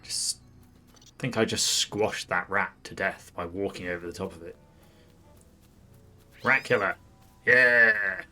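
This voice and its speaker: A streamer gives chatty, wry commentary over his gameplay and talks back to the game's characters. His voice is fairly low yet bright in tone. Faint game music plays behind him. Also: steady tone, normal speed.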